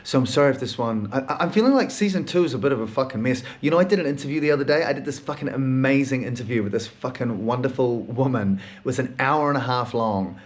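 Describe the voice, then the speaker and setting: Male solo podcaster, mid-range pitch, raw and melancholy, loose rambling delivery with frequent swearing. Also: animated, fast talker, few pauses. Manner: rambling, heavy swearing, laughs through sad talk. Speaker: podcast host; therapist. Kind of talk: candid solo monologue.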